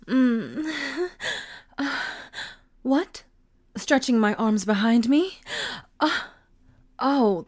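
A woman voicing a flirtatious, sneaky middle-aged mother in an erotic audio role-play, talking in a teasing, breathy way with frequent giggles. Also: fairly high pitch, darkish tone.

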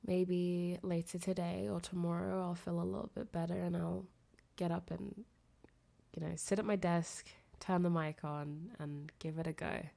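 A young woman, sick and nasal with a fever, talking softly and intimately in a girlfriend phone-call role-play, often giggling and trailing off. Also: lowish voice, flat delivery, moderate pace, creaky. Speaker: audio creator.

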